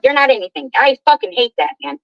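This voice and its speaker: A woman's voice: sits high, fast, gravelly, no room sound, lo-fi sound. A woman ranting indignantly and with heavy profanity on a livestream while driving her car.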